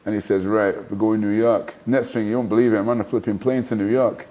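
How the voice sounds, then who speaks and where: A middle-aged man recounts his stories in a casual interview. His voice is dark and mellow, and his delivery is animated and full of asides and restarts. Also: on the low side, fast talker, a little hiss or hum. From Manchester, England. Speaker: guest, former professional boxer.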